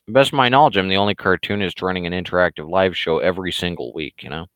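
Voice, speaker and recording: Man, low voice, smooth, scratchy throat, sarcastic rambling, dry close mic. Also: fast, fairly bright tone, no echo. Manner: sarcastic, rambling, casual swearing. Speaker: cartoonist hosting a weekly live show. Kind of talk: casual livestream commentary.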